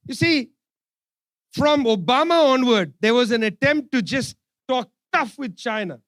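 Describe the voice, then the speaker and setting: A man's voice: very high voice, expressive, a little slow, fairly bright tone, no room sound, clean studio sound. A man giving an impassioned speech at a forum, sarcastic and repeating phrases for emphasis. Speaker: speaker at a political forum. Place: forum event hall.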